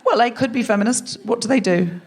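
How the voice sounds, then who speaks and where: A woman's voice: fairly high pitch, fairly quick, husky. A woman hosting a live comedy podcast on a theatre stage, chatty and self-mocking, teasing the audience. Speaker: podcast host.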